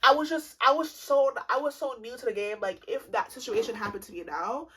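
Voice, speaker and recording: A woman in her twenties telling a comedic storytime vlog, animated and profane, acting out both sides of the conversation. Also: fairly high pitch, fairly quick. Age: 20s. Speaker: vlogger.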